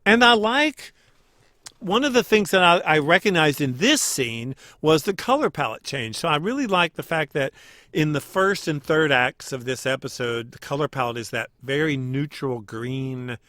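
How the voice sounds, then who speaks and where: A man co-hosting a podcast, chatting casually as he recaps scenes and acts out quick quoted lines. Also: fairly high pitch, expressive, bright, forceful tone, no echo, studio quality. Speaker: podcast co-host.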